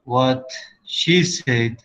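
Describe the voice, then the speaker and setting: A man teaching an English class, explaining slowly with pauses and fillers, sometimes switching to Arabic. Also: medium pitch, fairly bright tone, low-quality recording. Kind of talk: online class lesson.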